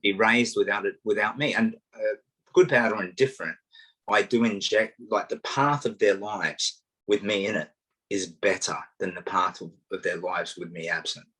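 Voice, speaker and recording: An Australian man talking casually as an interview guest, an animated storyteller with self-mocking humour. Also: fairly low pitch, normal speed, breathy edge, poor audio. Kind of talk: casual conversation.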